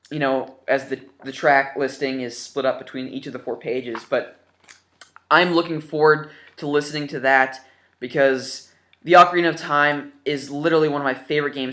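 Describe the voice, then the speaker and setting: Talking straight to camera, a twenty-something YouTuber happily rambles through the games he's picked up in a laid-back vlog. His voice is a touch high, bright and forward, and he fills gaps with lots of ums and words he never finishes.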